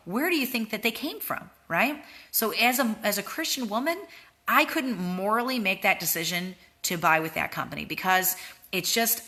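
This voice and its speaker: A woman's voice: mid-range voice, pushed and bright. A woman leading a motivational training talk for her sales team, earnest and repetitive, often tagging lines with "right?". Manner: earnest, repeats words, frequent "right?" tags. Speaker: network marketing team leader.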